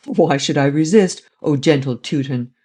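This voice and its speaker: A man voicing Lupin, a witty, mocking gentleman thief, in a read-aloud adventure story. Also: fairly high pitch, normal speed, natural voice. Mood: jaunty. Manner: mocking, jaunty.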